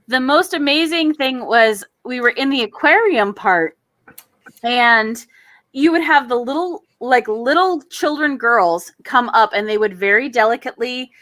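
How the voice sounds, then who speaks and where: A woman in her thirties hosts a relaxed drawing stream, talking freely and poking fun at herself. Her voice sits a little high. The sound is dry and close, with no room around it. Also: no echo. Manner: chatty, self-deprecating, laughs often. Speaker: stream host. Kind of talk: casual chat while drawing.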